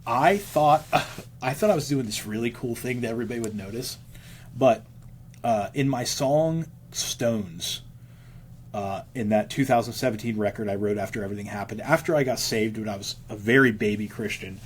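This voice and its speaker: A man's voice: medium pitch, moderate pace, a little hiss or hum. A man in his thirties, a musician as an interview guest, telling his story candidly with many restarts and fillers.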